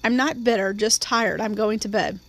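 A woman voicing a weary, gentle grown father who speaks quietly and with restraint. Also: mid-range voice, moderate pace, close to an everyday voice.

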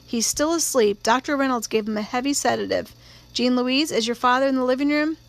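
Storybook older aunt, brisk and proper, fairly high with some gravel; woman reader voicing her. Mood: hushed.

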